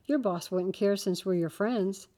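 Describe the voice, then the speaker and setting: A woman reading the part of a pushy teenage boy who wheedles in a lowered voice in a children's story. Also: a little slow, lightly acted. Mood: wheedling. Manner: wheedling, hushed.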